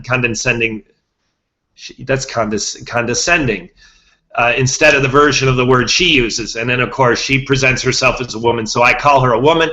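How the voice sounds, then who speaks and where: A man's voice: medium pitch, sharp tone, poor audio. A man hosting a podcast, talking to his listeners in a rambling monologue, repeating himself and restarting words. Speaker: podcast host.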